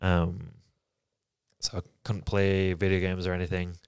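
A man from England, co-hosting a podcast and talking candidly about his life in a reflective, halting way. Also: low voice, level tone, clear, resonant tone, dry recording, studio quality. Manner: reflective, halting, soft-spoken. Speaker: podcast co-host. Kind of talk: candid personal conversation.

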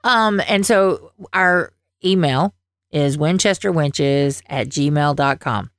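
A woman's voice: sits low, slow pace, no echo, studio quality. A woman with a Southern accent, co-hosting a podcast in a rambling, chatty way full of fillers. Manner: rambling, lots of fillers and laughs. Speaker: podcast co-host. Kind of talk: casual chat. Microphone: headphones on, own mic.

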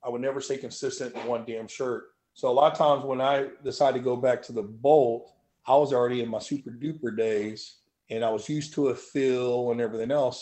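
A man telling stories as a powerlifting guest in a casual interview, animated and swearing freely. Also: medium pitch. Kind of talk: casual storytelling.

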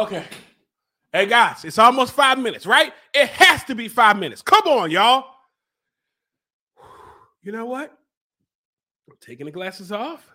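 Young man, very high bright voice, wildly lively pitch, slow drawn-out talk, sweating and burning from hot pepper, frantic and yelling. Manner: loud, frantic and joking, yelling and sighing between lines. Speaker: podcast host and life coach. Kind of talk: live reaction during a spicy chip challenge.

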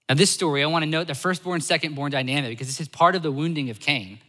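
Male pastor in a sermon, bright and forceful tone, lively swings in loudness. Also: fairly high pitch, quick pace, hardly any pauses, big-room sound. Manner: animated, swings between loud emphasis and soft asides.

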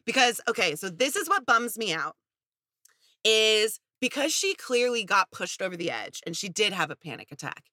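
A woman's voice: mid-range voice, big pitch swings, normal speed, bright, forceful tone, no room sound, studio quality. A young woman co-hosting a podcast, animatedly and sarcastically recapping a reality show with exasperation. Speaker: podcast co-host.

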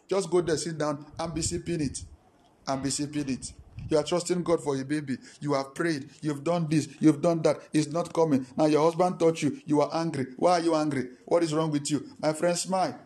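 A man preaching a lively sermon as pastor, repeating phrases and leading call-and-response. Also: fairly high pitch, moderate pace.

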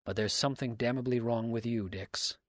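A man voicing a steady, menacing mountain man who speaks low and level. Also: fairly quick, no room sound, clean studio sound, natural voice. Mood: cold, steady.

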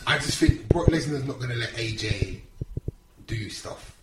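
A man co-hosting a casual wrestling podcast, easygoing and trailing off low. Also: animated, moderate pace, a crowd in the background, low-quality recording.

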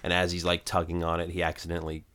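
A deep, smooth-voiced man talks through a sitcom plot in a loose, chatty way. He pads his sentences with ums and uhs and stops now and then to add his own comments. The voice is low and clean. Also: completely flat delivery, rapid-fire, a bit bright. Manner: plot retelling with many fillers. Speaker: podcast co-host. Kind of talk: casual recap chat.

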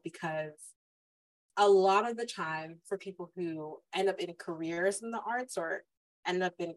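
A woman's voice: lowish voice, no echo, poor audio. A woman hosting a podcast interview, asking questions in an upbeat, affirming way. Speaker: podcast host. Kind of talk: interview host.

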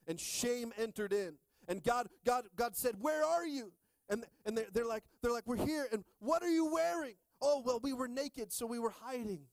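Lively preaching man, dry close sound. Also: fairly high pitch, no room sound. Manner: animated call-and-response preaching, swings from hushed to shouting. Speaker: pastor. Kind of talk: sermon.

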